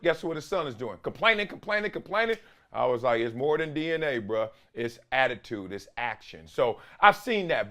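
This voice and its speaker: A man hosting a sports commentary show, talking in an animated, emphatic, slangy way and stretching words for stress. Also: high-pitched. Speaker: host.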